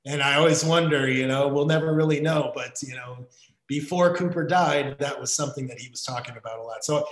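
An American man in casual conversation, talking haltingly with many fillers and restarts. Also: mid-range voice, reverberant, poor audio. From United States.

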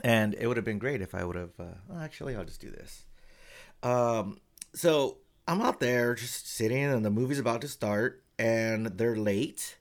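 A young man co-hosts a casual podcast, speaking at medium pitch and a moderate pace. He is an animated storyteller who swears freely and acts out the quotes in his story.

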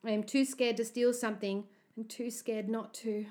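Brief: a woman narrator reading a children's story with expressive, anxious delivery. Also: fairly high pitch, normal speed. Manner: expressive, anxious first-person telling.

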